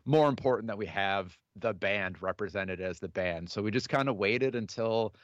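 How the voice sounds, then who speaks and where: Man, 30s, very deep voice, halting speech, lots of fillers, musician guest, dull dry audio. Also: dry recording. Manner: halting, many fillers and restarts. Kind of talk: casual interview answers.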